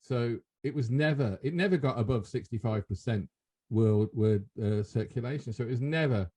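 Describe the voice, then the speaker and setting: A man's voice: mid-range voice, normal speed, darkish tone, slightly rough. A man hosting a casual comedy podcast, rambling and self-interrupting, laughing often. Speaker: podcast host.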